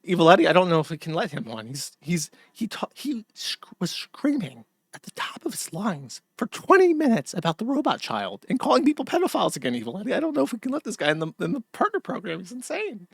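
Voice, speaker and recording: A man's voice: high-pitched, wildly swooping pitch, fast, gravelly, breathy edge, no echo, pitched above the performer's own voice, full character voice. A man playing a frantic, fretting platform reviewer. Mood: panicked. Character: panicking male platform reviewer, fretful and anxious.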